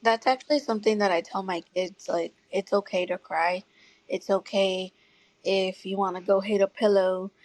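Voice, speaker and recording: A woman in her thirties telling her story as an interview guest, earnest and tearful at times, with soft laughs. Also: medium pitch, steady tone, normal speed, no room sound, low-quality recording. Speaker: guest parent advocate. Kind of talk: emotional personal storytelling.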